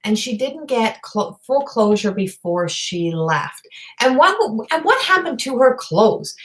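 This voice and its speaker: A woman giving a live online psychic reading. She talks in a halting, rambling way, full of fillers and restarts, and passes on messages in a direct, earnest manner. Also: fairly high pitch, sing-song, fairly bright tone. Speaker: psychic medium. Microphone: video call or webcam.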